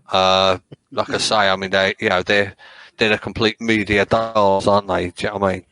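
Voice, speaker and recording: A man's voice: on the low side, fairly even intonation, moderate pace, a bit bright, no room sound, rough recording. A man from England chatting casually about football on a podcast, rambling and swearing freely. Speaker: podcast co-host.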